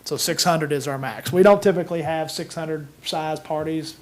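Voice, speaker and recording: A man's voice: a little high, normal speed. A man on city staff answering a board's questions, explaining with a few restarts. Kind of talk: answering questions at a public meeting.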